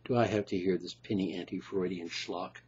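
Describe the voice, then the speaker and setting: Man voicing a scornful psychiatrist, deep, very husky, dark tone, dull lo-fi audio. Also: steady tone, fairly quick. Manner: dry, sneering asides. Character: sarcastic bored male psychiatrist, contemptuous. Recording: dull lo-fi recording.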